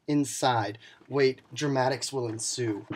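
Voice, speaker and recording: A young man rants into the camera, swearing constantly and hurling sarcastic insults in a mock-angry comedic tirade. His voice sits at an ordinary middle pitch for a man. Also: takes it slowly, slight background noise. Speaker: league commissioner character reviewing videos. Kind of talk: scripted comedic rant to camera.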